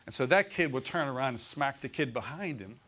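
A man's voice: mid-range voice, animated, fairly quick, pushed and bright. A male pastor preaching a sermon in a conversational way, often turning to the congregation with questions. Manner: acts out voices in quotes.

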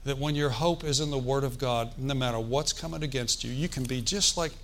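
A man's voice: medium pitch, a little fast, a bit bright, a little hiss or hum. A man preaching a sermon in a conversational, folksy way, with joking asides and calls for the congregation to answer. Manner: asks the congregation for responses.

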